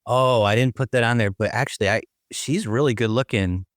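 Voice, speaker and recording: A man's voice: mid-range voice, dry recording, studio quality. Playful laughing man on a podcast. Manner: playful, quick to laugh, self-deprecating. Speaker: podcast co-host. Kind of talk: casual chat.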